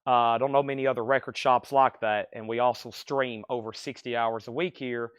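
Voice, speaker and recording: A man's voice: medium pitch, steady tone, brisk, clear, resonant tone, no room sound. A man selling records on a live stream, running through prices, conditions and thanks to buyers in an easy chatty way. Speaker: record shop livestream seller. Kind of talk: live sales stream patter.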